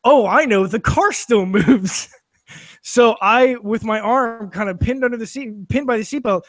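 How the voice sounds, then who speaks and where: A man's voice: high-pitched, a bit bright, dry recording, clean studio sound. A man telling a long anecdote on a casual podcast, with lots of fillers, restarts and swearing, laughing as he goes. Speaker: podcast guest or co-host. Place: studio filmed for video.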